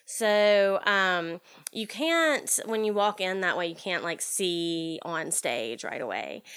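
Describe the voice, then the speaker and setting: A woman's voice: fairly low pitch, lively intonation, takes it slowly, a bit bright, clean tone. A woman casually telling a theater ghost story, chatty and full of fillers. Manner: chatty, lots of fillers and likes. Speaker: storyteller guest.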